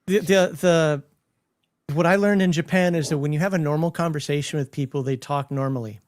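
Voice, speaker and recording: A man's voice: fairly high pitch, steady tone, a little fast. A man chatting casually as a guest, blunt and opinionated, laughing as he talks. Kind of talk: casual chat.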